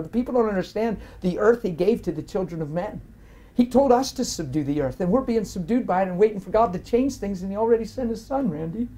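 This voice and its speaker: A man telling his personal faith testimony in an interview, earnest and animated, rising with strong feeling as he tells it. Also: high-pitched.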